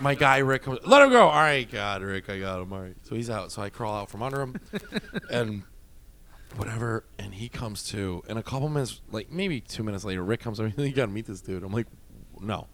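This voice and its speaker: A man telling a story in casual chat, animated and profane, often laughing. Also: fairly low pitch, brisk, a little hiss or hum.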